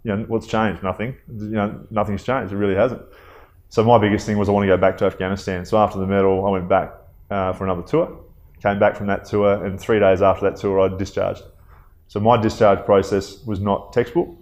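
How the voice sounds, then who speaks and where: An Australian man in his thirties, a guest telling stories in a relaxed interview, conversational with fillers and asides. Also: lowish voice, brisk, highs cut off. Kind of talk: casual interview storytelling.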